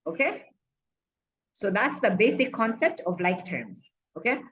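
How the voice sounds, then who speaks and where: A woman's voice: medium pitch, expressive, moderate pace, fairly bright tone, highs cut off. A young woman in a casual screen-recorded math tutorial, chatty and playful, checking in often with the viewer. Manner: chatty, playful, many okays and asides. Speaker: student explaining a lesson.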